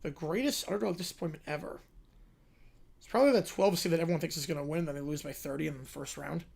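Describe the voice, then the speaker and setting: A man's voice: a little high, gravelly, husky. A man hosting a live stream, calling football play-by-play and answering viewer questions between plays. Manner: rises and slows into excited calls on big plays, drops to quiet asides answering chat.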